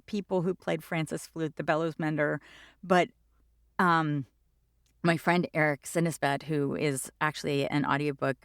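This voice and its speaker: Woman in her 50s chatting away in an interview, kinda low voice, dry close sound. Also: gravelly, dry recording. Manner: lively, rambling storyteller. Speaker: stage actor, interview guest. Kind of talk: casual interview chat.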